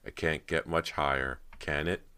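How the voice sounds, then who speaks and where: A man's voice: a bass voice, steady tone, a little slow, sharp tone, clear, resonant tone, heavily acted. A man voicing an anxious teenage boy in an audiobook, with a pleading, worried manner. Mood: urgent pleading. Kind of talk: audiobook character reading.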